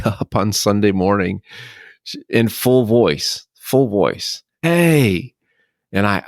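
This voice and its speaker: A middle-aged man hosting a podcast, telling a personal story in a halting, emotional way with many restarts. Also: deep voice, no room sound, studio quality. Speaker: podcast host.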